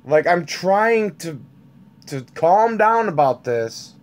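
Slow, heated man ranting. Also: a little high. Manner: slow, heated, sputtering, swings between yelling and trying to calm down. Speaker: channel host. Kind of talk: angry political rant to camera.

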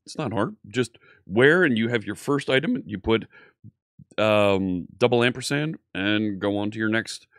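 A man's voice: fairly low pitch, lively intonation, measured pace, a bit bright, no echo, clean studio sound. An upbeat man hosting a live coding stream, chatting casually and greeting viewers by name.

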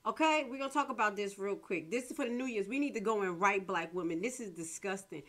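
A woman hosts her own vlog in a loud, blunt rant. Her pitch sits in an ordinary middle range, and she keeps her slang casual and her emphasis strong. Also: fast. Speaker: commentary vlogger. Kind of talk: ranting casual commentary.

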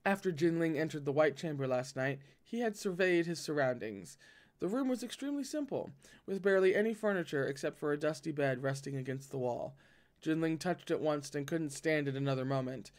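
A man's voice: fairly high pitch, expressive, fairly quick. A man reading a novel aloud and breaking off to react in a dramatic, swearing manner. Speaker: audiobook reader and reactor.

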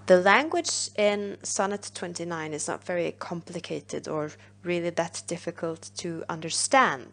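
A woman talks through a poem as a teacher in a recorded lesson. She takes her time and pauses on filler words, with a gravelly fry in her voice. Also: on the low side, fairly bright tone. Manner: patient explaining with filler pauses.

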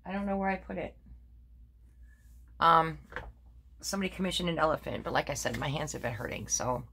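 A woman's voice: fairly low pitch, a bit bright, a little hiss or hum. An older woman chatting casually in a crafting vlog, rambling through her projects with many fillers and self-corrections. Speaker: crafting vlogger. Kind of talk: casual show-and-tell chat.

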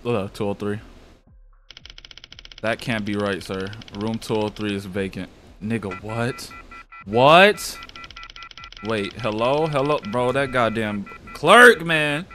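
A man's voice: fairly low pitch, fairly bright tone. Jumpy, cursing young man gaming. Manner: profane, jumpy, panicky reactions. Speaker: gaming YouTuber. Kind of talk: horror game commentary.

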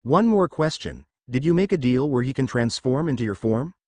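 A man's voice: mid-range voice, lively intonation, normal speed, a little mellow, dry recording, natural voice. A man voicing a bossy, exasperated male kaiju king in a fan story reading, lecturing his fellow monster. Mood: scolding.

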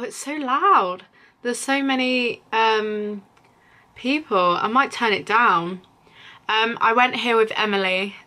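A woman's voice: mid-range voice, very noisy. A young woman giggling through self-mocking commentary on an old video of herself. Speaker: YouTuber.

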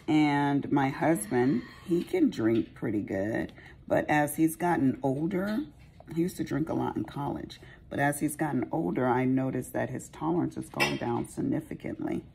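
A woman with a very low, gravelly and husky voice chats while she crafts. She rambles and pokes fun at herself in a slow, unhurried way, and her pitch rises and falls a lot. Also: animated, warm tone, a little hiss or hum. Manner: rambling, chatty, self-mocking. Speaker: craft vlogger. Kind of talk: casual chat while crafting.

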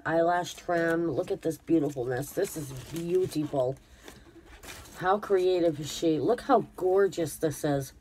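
A woman's voice: on the low side, a little mellow, a little hiss or hum. A woman vlogger chatting casually to her viewers while unboxing a craft gift, gushing with effusive praise. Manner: talks to viewers directly.

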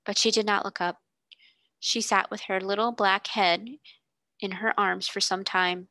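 Woman tutor, storybook reader, bright dry voice. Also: medium pitch, no room sound. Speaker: tutor reading aloud. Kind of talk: reading a classic novel aloud.

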